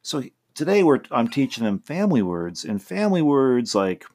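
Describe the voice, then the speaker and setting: A podcast host with a mid-range voice rambles loosely through a casual monologue, full of restarts, at a moderate pace. His pitch swings widely and his tone is a little mellow. He plays faint guitar himself in the background.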